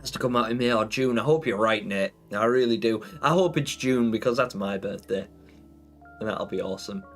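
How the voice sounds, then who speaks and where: A man's voice: fairly low pitch, a little fast, soft background music. A man hosting a live stream in casual chat, rambling and laughing often as he reads viewer comments.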